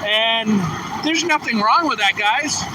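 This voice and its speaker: A slightly tired trucker from New England livestreams outdoors at a truck distribution center, chatting casually and reading viewer comments aloud at a slow pace. His voice comes through a distant phone mic, with trucks rumbling and faint traffic in the background.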